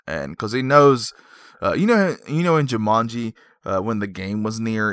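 A man's voice: lowish voice, animated, normal speed, fairly bright tone, dry recording, clean studio sound. A man rambling through a comedic plot recap, full of digressions and self-mocking jokes.

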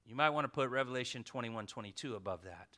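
A man in his thirties preaching a casual sermon, swinging from loud exhortation to hushed emphasis. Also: mid-range voice, expressive, fast.

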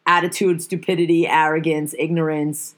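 A woman's voice: deep voice, flat delivery, moderate pace. A woman in a casual, profane conversation, telling stories and ranting animatedly. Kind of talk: casual chat.

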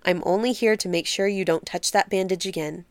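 A curt, unhelpful nurse in a storybook reading, played by the woman narrating. flat, clipped refusals, and the sound stays close and dry with no room around it. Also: lowish voice, a little fast, dry recording, close to an everyday voice.

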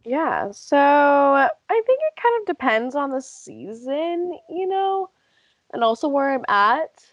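Woman co-host, casual chat, higher voice with very lively pitch, dry close sound. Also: slow pace, no echo, highs cut off. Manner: lively recap with frequent laughs and fillers. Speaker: podcast co-host.

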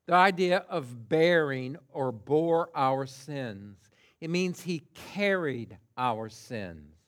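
Slow, emphatic preaching man. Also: mid-range voice, animated. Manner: emphatic, swinging from hushed to loud; deliberate, stresses single words. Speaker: pastor. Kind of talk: sermon.

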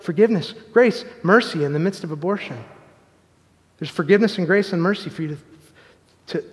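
A pastor in his thirties preaching a sermon, moving between loud, emphatic appeals and soft, hushed storytelling. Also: fairly high pitch. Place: church sanctuary. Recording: long hall reverb.

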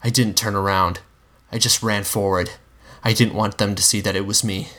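Low, bright-voiced man reading a dark story. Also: fairly even intonation, moderate pace. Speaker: story reader. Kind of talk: dramatic first-person story reading.

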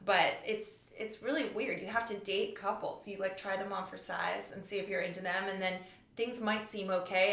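Interview guest, woman in her forties, quick-witted storyteller, room echo on the track. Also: medium pitch, fairly even intonation, fairly bright tone. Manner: chatty, quick storytelling with wry humor. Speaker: author and show creator guest. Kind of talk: casual interview chat. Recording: echoey room.

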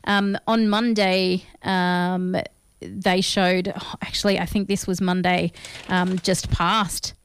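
A woman co-hosts a casual film chat show, giggly and self-mocking as she rambles. Her voice is smooth and clear. The sound is close and dry. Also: on the low side, flat delivery, slow pace, dry recording. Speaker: co-host of a film review show.

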